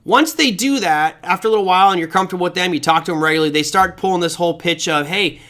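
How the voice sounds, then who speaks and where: Racing along in a high-pitched voice, this man runs a live crypto trading class online. He reads out viewer comments with chatty energy as he shares his screen.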